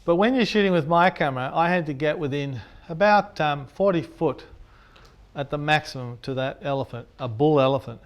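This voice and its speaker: A photographer telling an animated anecdote, acting out the sounds and his own reactions as he goes. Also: fairly high pitch, brisk, dull audio. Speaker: landscape photographer. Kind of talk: storytelling anecdote.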